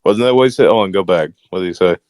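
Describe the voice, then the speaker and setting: A man with a very deep voice tossing off deadpan wisecracks in a podcast chat. The recording is close and dry, with no room sound. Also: rapid-fire, no room sound. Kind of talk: casual chat.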